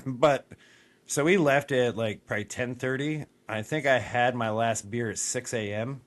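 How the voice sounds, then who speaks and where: A man's voice: medium pitch, moderate pace. A man co-hosting a podcast, telling rambling stories in casual chat and swearing freely. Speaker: podcast co-host.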